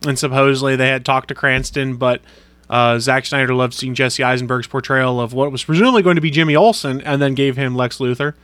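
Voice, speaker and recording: Fast-talking man, rambling podcast co-host. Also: mid-range voice, steady tone, fairly bright tone, no echo. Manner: rapid, rambling storyteller. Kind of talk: casual chat.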